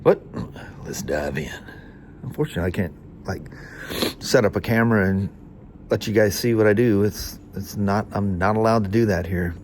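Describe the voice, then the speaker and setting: A man's voice: fairly low pitch, moderate pace, darkish tone, a little hiss or hum. A man with a nasal, hay-fever voice, chatting casually as a motorcycle mechanic in a workshop vlog, rambling with restarts and small chuckles.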